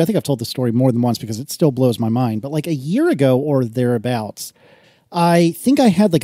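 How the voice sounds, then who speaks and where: Male podcast host, mellow tone, loose anecdotal delivery, dry home office recording. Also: medium pitch, no echo. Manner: rambling, self-correcting storyteller. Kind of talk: casual storytelling chat.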